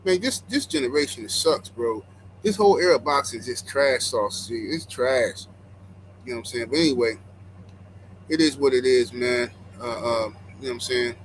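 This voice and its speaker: A man's voice: medium pitch, normal speed, slight background noise, low-quality recording. A man hosting a boxing channel, reacting bluntly and mockingly to clips. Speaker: boxing commentary channel host.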